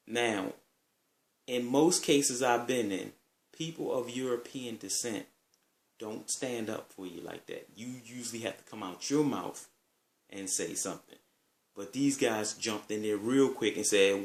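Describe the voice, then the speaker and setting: A man's voice: medium pitch, moderate pace, roomy sound. A man casually telling stories in a laid-back, rambling way, swearing freely. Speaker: vlogger. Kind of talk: casual storytelling.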